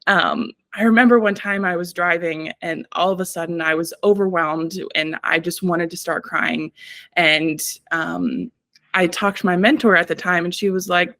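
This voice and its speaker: A woman's voice: lowish voice, moderate pace, a bit bright, no echo. Woman guest talking wellbeing stuff, thoughtful, lots of ums, dry close sound. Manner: reflective, frequent "um" fillers, laughs between points. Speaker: wellness professional guest. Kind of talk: casual interview talk.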